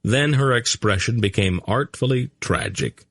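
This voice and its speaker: Slow, gravelly male audiobook narrator. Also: low-pitched, lively intonation, no room sound, studio quality. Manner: slow, measured reading with character voices. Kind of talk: scripted narration.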